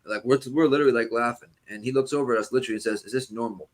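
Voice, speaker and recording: A man's voice: medium pitch, rapid-fire. A man co-hosting a casual sports chat, laid-back and joking, swearing casually as he banters. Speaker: podcast co-host.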